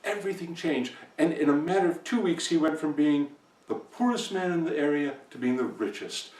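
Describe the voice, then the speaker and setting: A man telling a folktale aloud in an expressive, animated way with dramatic pauses, in an echoey room from far off. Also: fairly high pitch. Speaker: professional storyteller. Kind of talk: live folktale storytelling.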